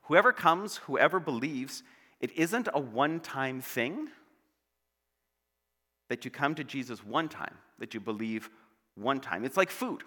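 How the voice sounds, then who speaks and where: Animated man preaching in a reverberant church. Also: medium pitch, a little slow, pauses often. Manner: playful, joking storyteller. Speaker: pastor. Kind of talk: sermon. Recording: long church hall reverb.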